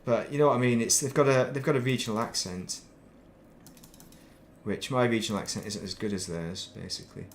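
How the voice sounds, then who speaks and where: Rambling man with soft northern English accent. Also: mid-range voice, fairly even intonation, normal speed, long pauses, slight background noise. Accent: northern English, softened. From northern England. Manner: rambling, thinks aloud, laughs at himself. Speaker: game streamer. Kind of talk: casual chat while playing.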